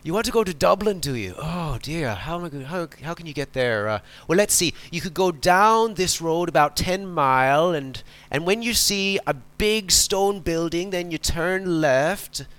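Man doing a clumsy put-on Irish accent, dithering old farmer, rambling, keeps changing his mind, pitched up. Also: expressive, normal speed, few pauses, fairly bright tone, no echo.

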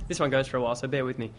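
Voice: medium pitch, a little hiss or hum. A speaker at a church talk, casually telling a rambling joke full of fillers.

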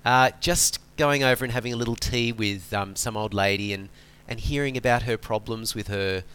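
In a relaxed, chatty sermon, a male preacher explains things as if to friends, pausing often to pose rhetorical questions. His voice sits on the lower side and flows smoothly at a normal speed.

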